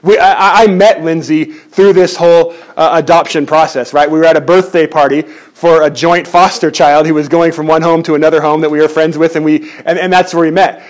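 A man preaching a sermon in church, animated and jokey, often restarting his words. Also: a little high, fairly quick, hardly any pauses. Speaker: pastor.

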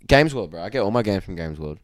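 A young man chatting with a mate on a podcast. He speaks in a fairly low voice that moves around a lot, relaxed and laughing often. The sound is dry and close. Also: quick pace, dry recording. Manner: laid-back, laughs a lot, says bro. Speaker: podcast co-host. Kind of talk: casual chat.

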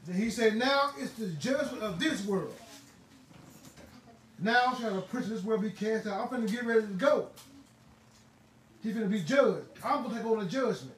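A man preaching a sermon in a fervent, emphatic way, now and then bursting into shouts. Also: high-pitched, animated, moderate pace, pauses often. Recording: roomy, distant mic, faint ambient noise.

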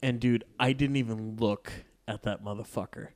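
A man's voice: on the low side, steady tone, moderate pace. A man telling a long, profane story to friends in a casual chat, laughing often as he goes. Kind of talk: casual anecdote among friends.

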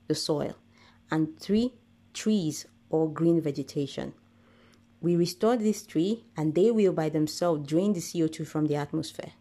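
A woman with a low, mellow voice delivers an earnest podcast monologue. She speaks deliberately and builds her points through rhetorical lists. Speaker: podcast host.

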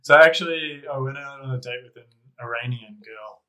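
Bright-voiced young man. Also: mid-range voice, brisk, low-quality recording. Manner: rambling, self-correcting anecdote with laughs. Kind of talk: casual storytelling.

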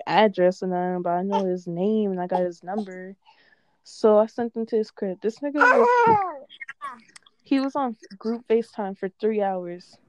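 A woman in a casual chat, telling an animated, profane story and quoting what others said. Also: medium pitch, no room sound, lo-fi sound.

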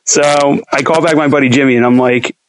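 A young man, a home cook appearing as an interview guest, tells a long, rambling story fairly quickly in a medium-pitched voice. He swears often and animatedly acts out quoted speech, all on a low-quality recording.

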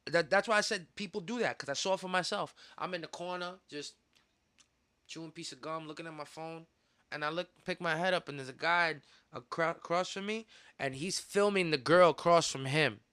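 A bright, high-pitched man holds forth on his podcast. He rants in a heated, profane, repetitive way and bursts out loudly now and then. His voice sits close and dry on the mic. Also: fairly quick, smooth, dry recording. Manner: heated, profane, repetitive ranting with sudden loud outbursts. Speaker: podcast host. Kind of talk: casual podcast rant.

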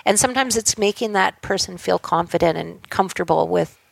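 A woman's voice: lowish voice, a little fast, vocal fry, no room sound. A middle-aged woman, a director, chatting casually as a guest, rambling with many likes and restarts. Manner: rambling, full of "like" and "you know"; trailing off into restarts. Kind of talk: casual chat. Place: home in Malibu.

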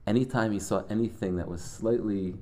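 A man with a low, dark voice gives a Torah class, retelling a Hasidic story. He speaks conversationally, with frequent restarts and Yiddish and Hebrew words woven through his sentences. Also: fairly quick. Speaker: Torah teacher.

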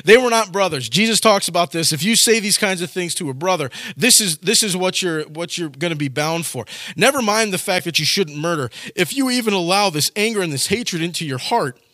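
Animated high-voiced male preacher. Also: brisk, few pauses, no echo, clean studio sound. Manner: animated, acts out quoted voices. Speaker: pastor. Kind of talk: sermon.

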